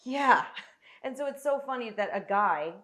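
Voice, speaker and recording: A woman's voice: a little high, animated, normal speed, a bit bright. A woman co-hosting a casual podcast chat, joking and playful, sometimes putting on voices. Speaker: podcast co-host.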